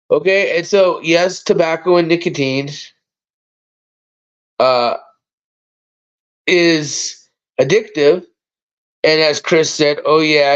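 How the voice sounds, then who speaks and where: High-voiced profane man rambling on a livestream. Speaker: livestream host. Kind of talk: casual livestream chat. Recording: dull lo-fi sound.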